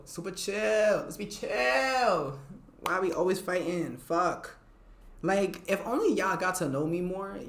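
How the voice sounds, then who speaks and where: A woman hosting her own podcast in a casual, profane, blunt monologue, dropping Spanish phrases between English lines. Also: low voice. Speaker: podcast host. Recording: roomy echoey room.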